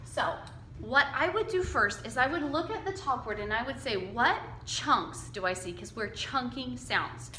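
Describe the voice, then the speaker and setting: A woman teaching a phonics lesson to young children, slowly and patiently sounding out letters and word chunks for them to repeat. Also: on the high side, lively intonation, sharp tone, roomy sound, a little hiss or hum. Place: classroom with whiteboard.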